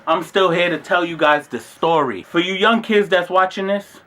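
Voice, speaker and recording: High-voiced man telling a wild story. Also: normal speed, hardly any pauses. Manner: animated, swearing, slangy, shouts when acting out scenes. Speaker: vlogger. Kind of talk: casual comedic storytelling.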